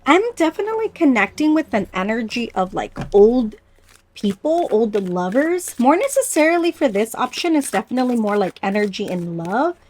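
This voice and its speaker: A woman doing a pick-a-card spiritual reading, gentle and reflective, speaking slowly to her viewers. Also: on the high side, big pitch swings. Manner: unhurried with pauses and small stumbles. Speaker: oracle card reader.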